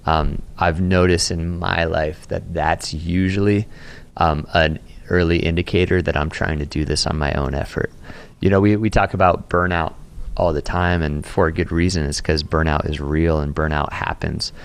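Deep-voiced pastor, earnest and animated. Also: male voice, normal speed, creaky, clean tone. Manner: earnest, animated, repeats words as he thinks aloud. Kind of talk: conversational podcast interview. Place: Austin, Texas.

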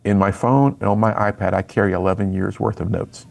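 A man's voice: lowish voice, fairly even intonation, brisk, vocal fry, a little mellow. A middle-aged man, a speaker and author, telling his personal story earnestly in an interview.

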